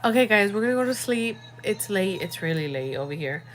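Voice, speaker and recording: A young woman chatting casually on a livestream from home at night, animated and slangy, talking straight to her viewers. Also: medium pitch, fairly quick, soft background music. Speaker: livestream host.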